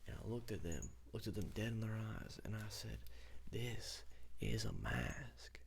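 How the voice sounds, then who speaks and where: A man's voice: on the low side, big pitch swings, unhurried, exaggerated voice. A man voicing a rambling former cowboy in a whispered role-play, his talk full of restarts and fillers. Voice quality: gravelly, husky whisper.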